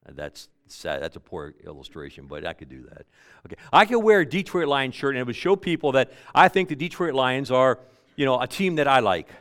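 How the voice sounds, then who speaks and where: A man delivering a sermon in a folksy way, with homespun illustrations, swinging from loud emphatic bursts to quiet low asides. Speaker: preacher.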